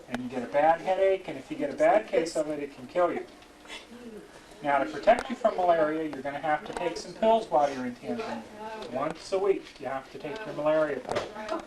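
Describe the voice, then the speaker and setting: An adult explaining travel health dangers to children in vivid, cautionary terms, recorded on home video. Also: mid-range voice. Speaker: health station presenter. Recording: distant roomy home video. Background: crowd chatter.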